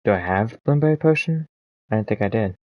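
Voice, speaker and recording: Game streamer, male, low voice, reads the story aloud and mulls choices; muffled lo-fi sound. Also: lively intonation, a little fast, no room sound. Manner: thinks aloud, hesitant. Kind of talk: reading a text game aloud with asides.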